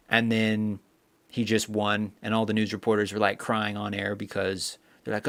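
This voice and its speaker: A man's voice: lowish voice, fairly even intonation, brisk, a bit bright. Chatty young man reading comments. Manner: chatty, reads viewer comments aloud, rambling with fillers. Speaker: livestream host. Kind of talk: casual live-stream chat.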